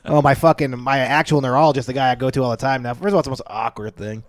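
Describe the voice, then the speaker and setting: A man's voice: mid-range voice, racing, no echo. Profane, exasperated man podcasting. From United States. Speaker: podcast co-host. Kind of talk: casual comedic chat.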